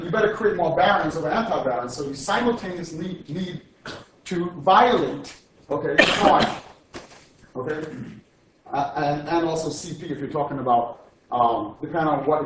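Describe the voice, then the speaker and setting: A man's voice: a little high, normal speed. A man, a physics professor, giving an informal lecture in a digressive, joking way and often checking in with "okay?". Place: lecture hall. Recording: echoey lecture hall from far off with faint noise.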